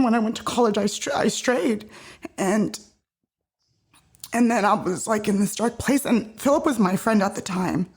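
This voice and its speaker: A woman's voice: medium pitch, moderate pace, darkish tone. A woman in her thirties telling a personal story in casual conversation, earnest and emotional, with many restarts. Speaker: podcast guest. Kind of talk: casual chat.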